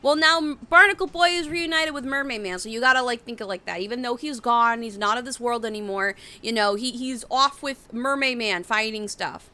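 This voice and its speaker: A woman's voice: a little high, brisk, hardly any pauses, bright, forceful tone. A woman in her late twenties rambling casually on a live stream, reading out chat messages and answering them. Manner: rambling, chatty, reads chat aloud.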